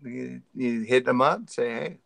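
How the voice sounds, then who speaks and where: A man chatting loosely about his comics, full of jokes and rambling asides. His voice has a gravelly, bright edge and sits in a middling register. The sound is close and dry. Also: mid-range voice, normal speed, no room sound. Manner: joking, rambling, playful. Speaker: comic book artist. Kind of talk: casual chat while drawing.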